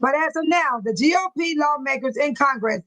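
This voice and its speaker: A woman's voice: high voice, fairly quick, a bit bright, poor audio. A woman hosting a live chat, reading viewer comments aloud and often breaking into laughter, speaking in a folksy, churchy way. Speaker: livestream host.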